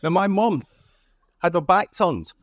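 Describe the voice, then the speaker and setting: A man's voice: sits high, lively intonation, measured pace, no echo, muffled recording. Scottish man telling stories on stage. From Scotland. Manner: chatty and humorous, often tags lines with 'okay?'. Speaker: conference speaker. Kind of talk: conference talk with storytelling.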